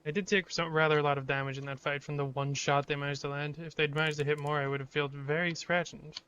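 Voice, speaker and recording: A man commentating a game live for his chat. His voice sits fairly high and sounds bright and crisp. He reads the game's text aloud and lets out curses when something startles him. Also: little pitch movement, fast talker, muffled recording. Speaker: streamer.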